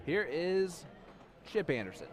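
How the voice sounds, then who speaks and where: A man's voice: a little high, very animated. Playful man calling darts live. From USA. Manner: playful, teasing, quick banter. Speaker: darts commentator. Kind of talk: live sports commentary.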